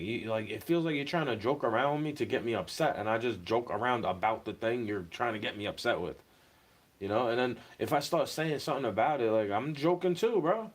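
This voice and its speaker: A man's voice: medium pitch, husky. A man delivering a rambling, profane monologue, his voice rising in agitated bursts and then dropping back. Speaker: vlogger. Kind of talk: ranting monologue.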